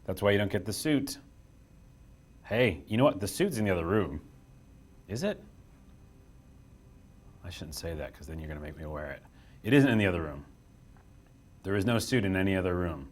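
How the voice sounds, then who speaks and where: A man's voice: low voice, animated, brisk, pauses often. A young man hosting a casual live stream from a small office room, chatty and self-deprecating as he reads the chat aloud.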